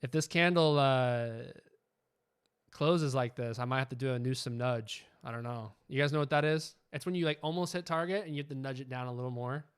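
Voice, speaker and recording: A man hosting a live trading stream, chatting casually and getting excited as he watches the charts. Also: medium pitch, fairly quick, clear, resonant tone. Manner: chatty, excitable, keeps asking "you know what I'm saying".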